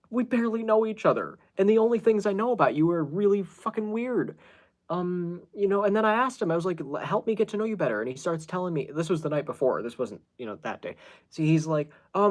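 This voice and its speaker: A man hosting a podcast, telling a story in a casual, exasperated way, laughing often and swearing as he quotes the people involved. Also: fairly high pitch. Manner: exasperated, laughing, swearing, quoting others in recounted dialogue. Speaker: podcast host.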